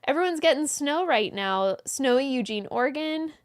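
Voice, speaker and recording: A woman's voice: high voice, animated, moderate pace. A woman hosting a live stream from a small closet, greeting viewers by name and reading their messages aloud with brief laughs. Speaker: host of a live yarn-shop stream.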